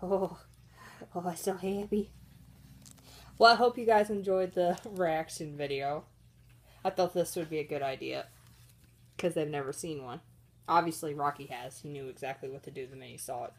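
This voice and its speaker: Casting note: chatty woman with a slightly husky, lowish voice, home pet vlog on a phone. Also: fairly even intonation, moderate pace, long pauses. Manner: chatty, giggly, voices her cats' thoughts in squeaky bursts. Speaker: pet vlogger. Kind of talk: casual off-camera narration of pets. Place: indoors at home. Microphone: handheld phone camera.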